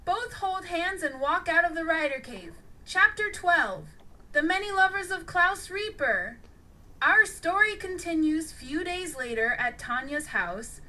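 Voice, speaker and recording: A woman reading an audiobook story aloud in a lively, sing-song manner. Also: very high-pitched, measured pace, rough recording. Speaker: audiobook narrator. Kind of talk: storybook read-aloud narration.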